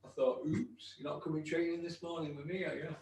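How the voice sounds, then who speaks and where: A man's voice: fairly high pitch, steady tone, fairly quick, vocal fry, echoey room, recorded from a distance, noisy background. A man hosting a casual podcast, talking bluntly, swearing freely and ribbing his co-host with mock aggression.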